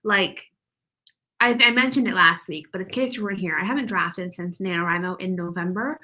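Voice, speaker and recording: A woman with a lowish, bright, forceful voice hosts a writing-sprint livestream, talking fairly quickly. She chats casually while reading live comments, a bit out of breath, laughing a lot and saying "like" often.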